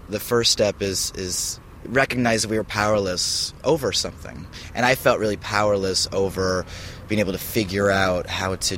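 Casting: low-pitched man guest, halting and searching for words, faint outdoor noise. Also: fairly bright tone. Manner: hesitant, repeats words while thinking. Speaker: interview guest. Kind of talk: interview answers. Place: outdoors on a hiking trail.

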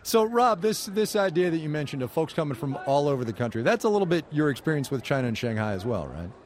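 A man's voice: on the high side, big pitch swings, fast talker. Man hosting a radio news interview. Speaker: news host.

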